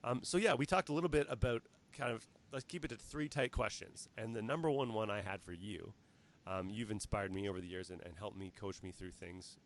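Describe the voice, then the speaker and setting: A Canadian man hosting a casual livestream interview, talking in quick, rambling, earnest bursts. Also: on the low side. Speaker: host.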